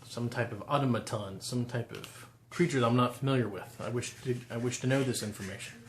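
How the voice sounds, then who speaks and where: A man's voice: medium pitch, natural voice. Man doing a formal tentacled creature. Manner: stiff, formal, measured phrasing. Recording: roomy room with background noise.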